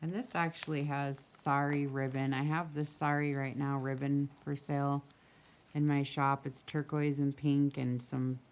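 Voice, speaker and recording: Low-voiced woman chatting through a craft journal. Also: little pitch movement, measured pace, darkish tone. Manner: chatty, gushing, full of small asides. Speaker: craft shop owner showing a handmade journal. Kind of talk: casual craft flip-through. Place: outdoors with a breeze. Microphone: camera mic.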